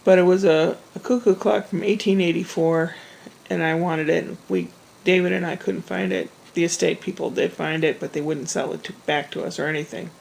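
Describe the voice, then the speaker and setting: A woman's voice: deep voice, steady tone, a little fast, creaky, rough recording. A woman vlogger telling a long, rambling everyday story in a chatty way, with frequent restarts and asides. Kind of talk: casual storytelling monologue.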